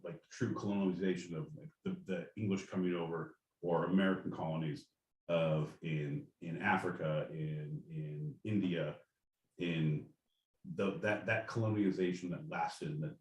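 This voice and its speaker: Podcast guy rambling, lowish voice, kind of far from the mic in an echoey room. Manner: rambling, self-correcting. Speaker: podcast co-host. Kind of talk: casual chat. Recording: roomy sound from off mic.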